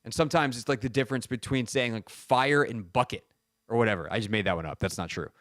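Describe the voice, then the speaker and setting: A man's voice: mid-range voice, quick pace, a bit bright, dry recording. A man hosting a sports radio show, telling stories in a casual, rambling way and poking fun at himself, on a studio microphone. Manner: rambling, self-mocking storytelling.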